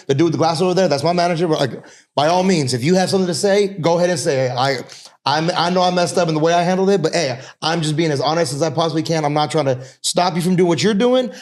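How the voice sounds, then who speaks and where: Chatty candid man, slightly high voice. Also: fast. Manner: chatty, candid, acts out quotes. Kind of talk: casual chat.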